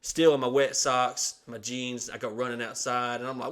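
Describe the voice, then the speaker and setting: A man's voice: mid-range voice, flat delivery, moderate pace, a bit bright. A young man hosting a podcast, telling a crude, rambling story in a casual, profane way and acting out the quotes. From Southern United States. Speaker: podcast host.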